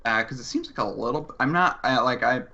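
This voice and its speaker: A man's voice: mid-range voice, animated, fast, sharp tone. A man in his twenties co-hosting a casual gaming chat, teasing and giving examples. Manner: teasing, explains things with examples. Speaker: co-host. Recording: dull lo-fi sound.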